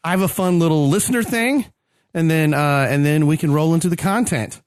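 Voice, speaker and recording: A man's voice: a little high, brisk, no room sound, clean studio sound. A man co-hosting a casual podcast, jumping in with jokey banter. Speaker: podcast co-host.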